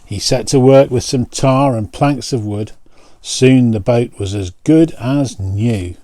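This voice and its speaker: A man, a pastor, reading a picture book aloud and pausing to point out the pictures. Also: mid-range voice, warm tone, no room sound.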